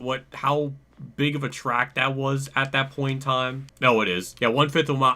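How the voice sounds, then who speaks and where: Young man, gaming commentary, exasperated rant, cursing, bright edgy voice. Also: a little high. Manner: exasperated, ranting, swears, laughs it off. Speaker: gaming channel host. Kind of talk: casual gameplay commentary rant.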